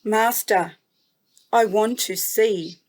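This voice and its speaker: A woman's voice: medium pitch, very slow, a little mellow. A woman with an Australian accent voicing a blind male beggar, calling out and pleading in a storybook retelling. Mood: earnest.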